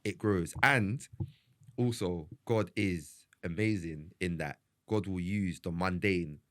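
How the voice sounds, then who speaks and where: A man's voice: low voice, slow pace, a bit bright, no echo, studio quality. A young man co-hosting a casual podcast chat, often restarting and stammering as he works through his point. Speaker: podcast co-host.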